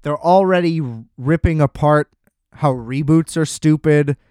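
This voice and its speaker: A man's voice: a little high, a little slow, darkish tone, clear, resonant tone, no echo, studio quality. A man hosting a podcast, ranting in a casual, exasperated and profane way. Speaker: podcast host. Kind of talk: casual solo podcast rant.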